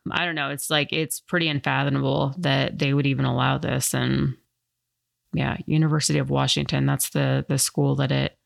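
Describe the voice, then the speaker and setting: Woman podcast host, super gravelly fry, dry close sound, chatty and rambly. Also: rumbling low, flat delivery, moderate pace, no room sound. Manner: rambling, many fillers. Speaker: firearms instructor. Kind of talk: casual podcast chat.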